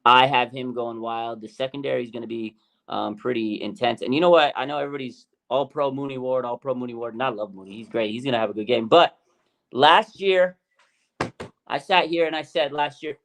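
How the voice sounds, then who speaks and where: A man co-hosting a fan show, talking excitedly and repeating names for emphasis, his voice climbing high and loud as he gets worked up. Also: fairly quick, gravelly. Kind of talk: excited casual sports talk.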